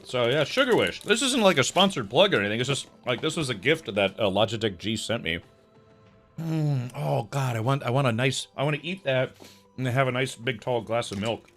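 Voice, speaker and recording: Animated, lively-voiced streamer man. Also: medium pitch, normal speed, soft background music. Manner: animated, laughing, savoring food aloud with mouth-full murmurs. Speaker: live streamer. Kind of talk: casual live-stream chat.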